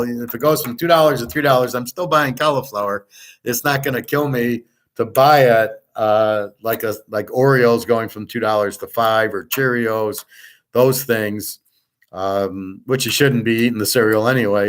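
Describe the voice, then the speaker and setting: A middle-aged man rants bluntly and profanely through a rambling monologue. He lectures his listeners as his students. His voice sits at an ordinary middle pitch. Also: normal speed. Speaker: host.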